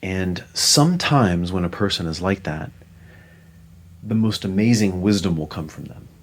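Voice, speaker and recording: Husky low-voiced man telling a story. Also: measured pace. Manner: animated storyteller, acting out quoted dialogue. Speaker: podcast co-host. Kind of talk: casual podcast conversation.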